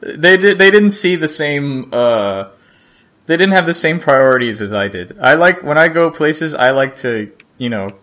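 A man co-hosting a podcast, chatting casually in a rambling, halting way and laughing often. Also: fairly high pitch, animated, fairly bright tone. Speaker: podcast co-host. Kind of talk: casual chat.

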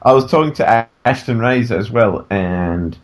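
A man co-hosting a casual podcast, teasing and animated, laughing often. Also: medium pitch, normal speed. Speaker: podcast co-host and game developer.

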